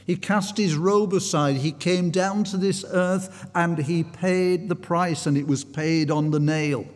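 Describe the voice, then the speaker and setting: Long hall reverb surrounds this man's fairly high, steady voice as he preaches at a measured pace. He tells a story in earnest, restarting sentences frequently, and his intensity builds.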